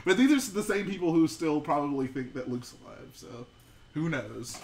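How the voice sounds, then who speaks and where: A man's voice: on the high side, lively intonation. A man hosting a live stream, reading out viewer comments and bantering casually with a co-host. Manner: reads out viewer comments, quick back-and-forth. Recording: distant mic with faint room noise.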